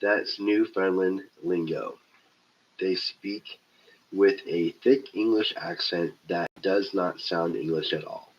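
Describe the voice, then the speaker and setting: Low-voiced stuffy-nosed man chatting on stream. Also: takes it slowly. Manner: loose, joking, swears freely. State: stuffy nose. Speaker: livestream host. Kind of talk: casual live-stream chat reading viewer comments. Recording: dull lo-fi stream audio.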